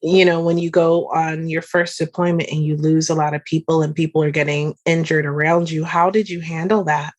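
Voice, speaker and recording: A woman hosting a podcast, asking her guest questions in a sympathetic, measured way. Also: low voice, flat delivery, a little mellow. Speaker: podcast host. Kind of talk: interview questions.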